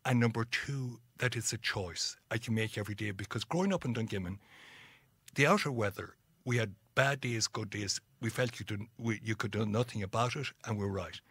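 This is a middle-aged man from Ireland with a fairly low, slightly rough voice, speaking briskly without echo. Appearing as a guest on an interview, he tells stories animatedly and takes on the voices of those he quotes.

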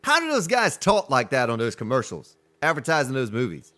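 Chatty male game streamer with a lively voice. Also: brisk. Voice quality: deep voice. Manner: chatty, reads chat aloud, greets viewers. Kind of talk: casual live-stream commentary.

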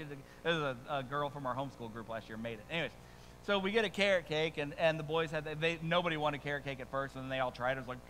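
A middle-aged pastor preaches in a casual, joking way, dropping rhetorical asides to the congregation. His voice sits a little high and comes across bright and forceful. A faint hum sits in the background. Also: in a large hall, poor audio. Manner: conversational, humorous storytelling with frequent rhetorical asides. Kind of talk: sermon.

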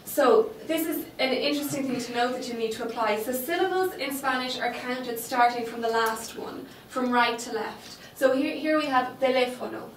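A woman's voice: a little high, moderate pace, hardly any pauses, a little hiss or hum. A woman teaching a Spanish class, patient and explaining step by step, checking in with the students often. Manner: patient, checks understanding with frequent okay. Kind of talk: classroom lesson. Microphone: distant room microphone. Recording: echoey classroom, mic far off.

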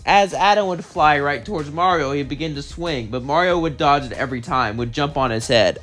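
A man's voice: fairly high pitch, brisk, hardly any pauses, a bit bright, soft background music. Chatty young man narrating a story. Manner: rambling, chatty, giggly. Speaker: channel host.

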